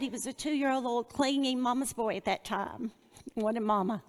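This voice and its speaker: Earnest woman Bible teacher, bright high voice, in a reverberant space. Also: normal speed. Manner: earnest, personal, with a shared testimony.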